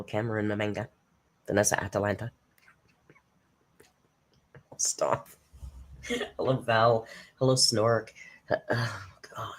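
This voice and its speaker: A woman hosting a live reaction stream, chatting casually, greeting viewers by name and laughing often. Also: extremely low pitch.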